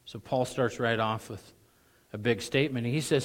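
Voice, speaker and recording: A middle-aged male pastor preaching a sermon, animated, his voice rising sharply when he mocks with sarcasm, often clearing his throat. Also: mid-range voice, normal speed.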